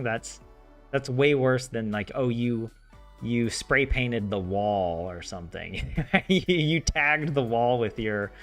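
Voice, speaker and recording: A man with a Southern American accent, chatting casually and rambling with lots of fillers as he studies a language on his vlog. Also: medium pitch. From southern United States. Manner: rambling, many "like" fillers, animated asides. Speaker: language learner host. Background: soft game music.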